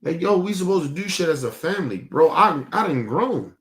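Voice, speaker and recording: A young man hosting a streaming show rants to his audience about his family, his fairly high voice very animated and fairly quick. The casual rant is heated and profane, and he keeps repeating himself.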